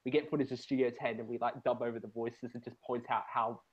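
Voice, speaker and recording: An Australian man hosting a loose podcast, rambling through his points with restarts and fillers. His voice sits at an ordinary middle pitch. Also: level tone, fast talker, breathy edge, dull audio. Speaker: podcast host. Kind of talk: casual chat.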